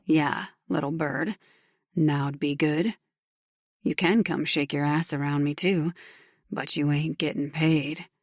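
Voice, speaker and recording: A woman voicing a gruff, brooding young biker man who speaks curtly, dropping her voice a little lower and quieter. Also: fairly even intonation, slow, dry recording, studio quality, heavily acted. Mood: taunting. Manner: curt, swearing, low and quiet.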